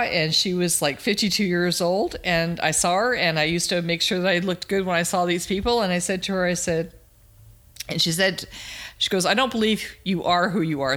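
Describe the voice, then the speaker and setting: A woman telling stories as an interview guest, animated and emphatic. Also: on the low side. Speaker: guest, cancer survivor. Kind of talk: storytelling interview.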